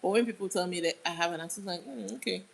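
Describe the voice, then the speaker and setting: A woman's voice: lowish voice, steady tone, racing, rough recording. A young woman from Nigeria with a Nigerian accent, hosting a casual livestream and chatting as she answers viewer comments. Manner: chatty, answers comments aloud, drifts off mid-sentence. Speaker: livestream host.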